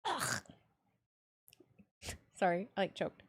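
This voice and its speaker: A woman's voice: mid-range voice, animated, normal speed, gravelly. A young woman streaming casually, joking and speaking bluntly, with free swearing. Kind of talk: casual live-stream chat.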